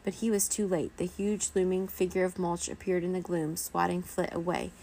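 Woman reading a kids' story aloud, gravelly voice, lively and expressive. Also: on the low side, normal speed, slight background noise. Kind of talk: children's story read-aloud.

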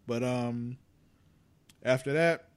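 A man with a clean, medium-pitched voice speaks slowly in a casual conversation about a TV episode. He's profane and lively, voicing the characters' lines as quotes.

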